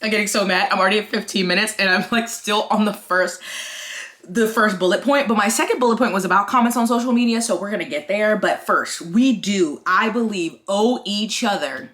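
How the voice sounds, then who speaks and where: A woman's voice: mid-range voice, brisk, fairly bright tone. A young woman ranting in a casual vlog, swearing often and sounding exasperated. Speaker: vlogger.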